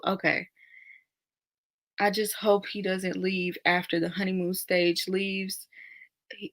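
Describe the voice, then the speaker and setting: A woman's voice: lowish voice, fairly bright tone. A young woman hosting a casual live stream, chatting and reacting to viewer comments with frequent laughter.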